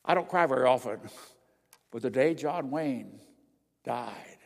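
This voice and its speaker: An older man preaching a sermon with slides, emphatic and swinging between loud declarations and quiet asides. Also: medium pitch, animated, measured pace, gravelly. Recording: long reverb of a large hall.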